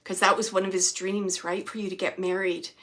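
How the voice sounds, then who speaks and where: A woman psychic medium at an ordinary middle pitch, talking to a sitter during a live reading. She gropes for words with plenty of fillers and restarts, and now and then she drops to soft, near-whispered asides. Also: little pitch movement, fairly quick. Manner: hesitant, searching, many fillers and restarts. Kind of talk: live mediumship reading, relaying spirit messages.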